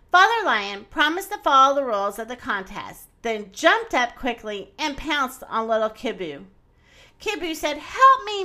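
A woman reading a children's storybook aloud in an expressive, animated way. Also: on the high side.

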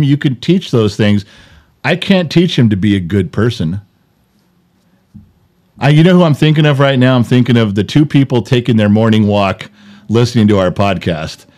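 A middle-aged man chatting on a podcast in a voice of ordinary middle pitch. He is blunt and joking, with the odd curse. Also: a little mellow. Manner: blunt, joking, a bit profane. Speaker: podcast co-host. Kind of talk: casual chat.

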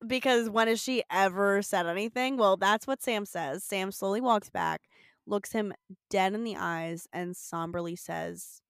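A young woman co-hosting a podcast, recapping an episode in a casual, animated, profane way. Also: medium pitch, a little slow, clear, resonant tone, no room sound, clean studio sound. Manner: swears, animated storytelling with acted quotes. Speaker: podcast co-host.

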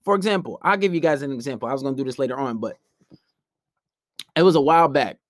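A man's voice: mid-range voice, quick pace, dry recording, studio quality. A young man talking bluntly and brashly in a casual monologue, acting out quotes as he tells stories.

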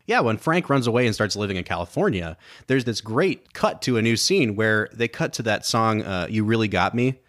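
A man's voice: fairly low pitch, sing-song, moderate pace, hardly any pauses, a bit bright. A man co-hosting a casual film podcast, talking enthusiastically and analytically about a movie. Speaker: podcast co-host.

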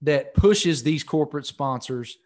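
A man's voice: on the high side, lively intonation, a little slow, a little mellow. A man hosting a podcast, explaining things to listeners in a folksy, casual way. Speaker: podcast host. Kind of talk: casual interview talk.

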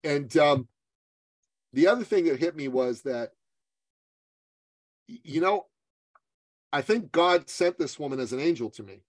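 A man, a business coach being interviewed, telling a story with lively acted-out quotes. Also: on the high side, measured pace, pauses often, no room sound. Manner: animated storyteller, acts out quotes.

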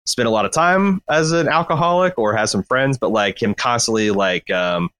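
A man's voice: medium pitch, moderate pace, clear, resonant tone, dry recording. A man in casual podcast chat about a movie, rambling and correcting himself as he talks. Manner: rambling, self-correcting, animated. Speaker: podcast co-host. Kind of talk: casual film discussion.

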